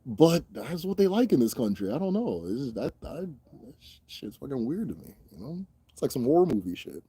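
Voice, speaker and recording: A young man riffs through a casual Q&A with a loose, profane delivery, laughing as he goes and slipping into mimicked voices. His voice is mellow and warm, sitting at an ordinary pitch, recorded close and dry. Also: sing-song, quick pace, husky, no room sound. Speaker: host answering viewer questions. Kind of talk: casual Q&A chat.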